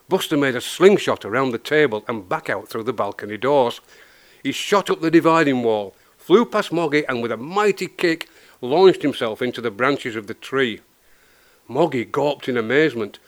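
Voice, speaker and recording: A male author reading aloud from his own children's book with expressive storytelling. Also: mid-range voice.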